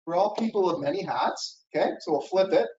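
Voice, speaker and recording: A middle-aged keynote speaker coaches a conference crowd, often checking in with "right?" and "okay?". His high voice is a little mellow, with lively intonation and a fairly quick pace. The lo-fi recording sounds dull and echoes around the hall.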